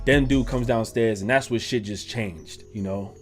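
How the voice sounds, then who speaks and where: A man telling a story on his vlog in an animated, profane, slangy way. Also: fairly low pitch, moderate pace, faint music behind. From New York. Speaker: YouTuber.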